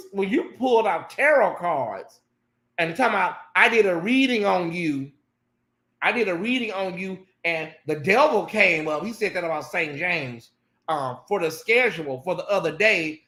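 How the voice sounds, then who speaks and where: A man hosting a casual late-night live chat, animated and blunt, swearing freely and talking straight to his viewers. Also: high-pitched, reverberant. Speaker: host.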